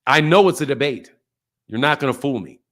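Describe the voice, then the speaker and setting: A man hosting a boxing livestream, ranting at viewers in a profane, confrontational and animated way. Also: medium pitch, fairly quick. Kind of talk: heated livestream rant.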